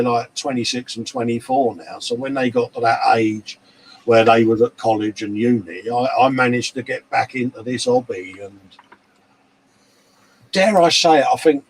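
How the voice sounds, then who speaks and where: There's a faint hiss or hum behind this man's medium-pitched voice as he co-hosts a live model-building show. In his 40s, he's chatty and playful, laughing frequently, reading out viewer comments, and calling folks mate.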